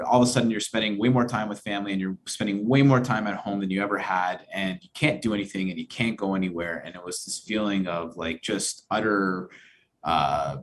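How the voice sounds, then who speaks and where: Earnest, low-voiced young man reflecting. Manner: earnest, reflective, explains at length. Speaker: band member, interview guest. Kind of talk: conversational interview.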